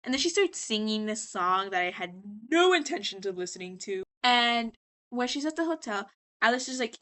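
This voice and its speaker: A woman's voice: on the high side, expressive, moderate pace, fairly bright tone. A tipsy woman rambling sassily as she recaps a show in a casual vlog. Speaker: vlogger.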